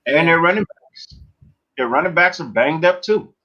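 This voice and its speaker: Laid-back sports stream host, dull audio. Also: male voice, on the high side, expressive, normal speed. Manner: laid-back, says "you know what I mean" a lot. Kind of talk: casual sports chat.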